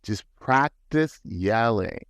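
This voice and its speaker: A man's voice: fairly low pitch, expressive, takes it slowly, no echo. Earnest man giving advice on a podcast. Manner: earnest, advising, many restarts. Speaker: podcast guest. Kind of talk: casual podcast talk. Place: studio.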